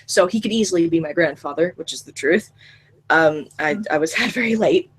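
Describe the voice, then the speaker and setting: A woman in her early twenties telling a funny story in casual chat, animated, laughing often and swearing freely. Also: deep voice, brisk, husky. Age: 20s.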